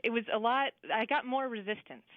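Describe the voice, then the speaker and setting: A woman's voice: fairly high pitch, a little fast, no echo. A woman from Arkansas calling into a radio show, chipper and giggly as she explains a car problem. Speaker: caller. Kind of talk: phone-in caller describing a car problem. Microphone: phone line. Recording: slightly dull phone-line audio.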